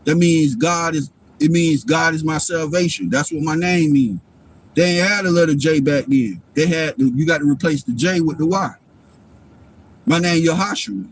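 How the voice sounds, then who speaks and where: On his livestream, an adult father with a fairly high voice speaks at a moderate pace. He rambles through a casual monologue that's profane and preachy, repeatedly asking "you know what I'm saying."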